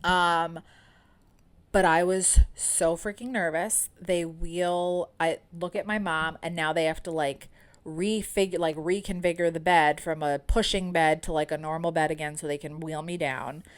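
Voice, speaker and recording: Candid podcast host, woman, 30s, slightly low voice, chatty storytelling delivery. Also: steady tone, a little slow, clear, resonant tone. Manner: chatty and candid, many "like" and "um" fillers.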